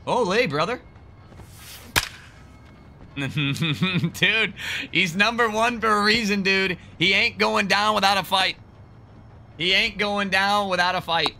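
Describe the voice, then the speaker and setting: Young-sounding man for hyped game commentary: bright, sharp tone, slightly high, yells and jokes crudely. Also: slow pace, vocal fry, pauses often, a little hiss or hum. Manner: hyped, joking, crude trash talk, bursts of yelling. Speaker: gaming video creator. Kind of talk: excited gameplay commentary.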